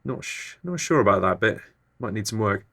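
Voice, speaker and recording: A man with a lowish voice delivers absurd comedy bits flatly, never raising his energy. His tone stays deadpan and unhurried as he hosts his comedy podcast. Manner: deadpan, low-key delivery. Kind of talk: absurdist comic monologue.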